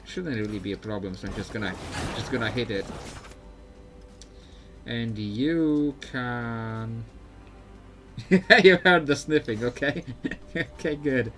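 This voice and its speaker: A man's voice: medium pitch, animated, takes it slowly, long pauses, pushed and bright, soft background music. Chatty man thinking aloud while gaming. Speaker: streamer playing a video game. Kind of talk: live gameplay commentary.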